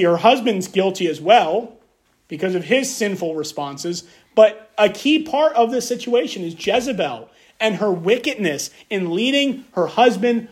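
A man preaching a sermon, reading scripture aloud and then explaining it with emphatic repetition and rhetorical questions. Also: sits high. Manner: emphatic, repeats key phrases, rhetorical questions.

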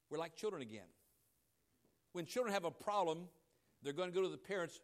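High-voiced preaching man, dramatic swings. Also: expressive, brisk, pauses often. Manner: dramatic swings between loud emphasis and low quiet asides, acting out voices in quotes. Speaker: pastor. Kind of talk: sermon.

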